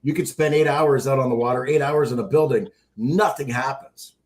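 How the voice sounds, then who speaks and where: Brief: mid-pitched man host, chatty and encouraging. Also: moderate pace, darkish tone. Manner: encouraging, rambling. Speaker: podcast host. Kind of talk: interview chat.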